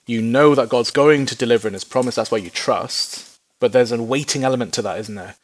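Male preacher, mid-range voice, lively and humorous sermon delivery with playful voiced asides. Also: mid-range voice, fairly quick. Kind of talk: sermon Bible teaching.

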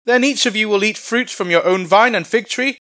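A man voicing a brash, boastful male military commander who shouts mocking taunts loudly. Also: very high-pitched, lively intonation, quick pace, dry recording, pitched above the performer's own voice. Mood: shouting. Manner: loud, mocking, bragging.

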